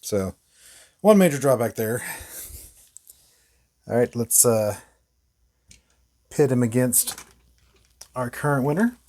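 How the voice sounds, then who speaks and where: A man's voice: medium pitch, lively intonation, slow, long pauses, mellow. A man hosting a casual toy review, rambling with frequent fillers and short laughs. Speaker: toy reviewer, channel host.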